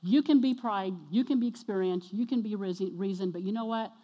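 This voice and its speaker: A woman preaching a sermon to her congregation, energetic and exhorting, often questioning the listeners. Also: mid-range voice, a little fast, muffled recording. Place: church sanctuary. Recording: long reverb of a church hall.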